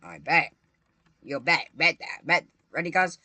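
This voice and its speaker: An excitable gaming creator giving live gameplay commentary, chatty and repetitive, constantly talking to viewers and bursting into shrieks when startled. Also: medium pitch, measured pace, no room sound. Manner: repetitive, chatty, playful slang.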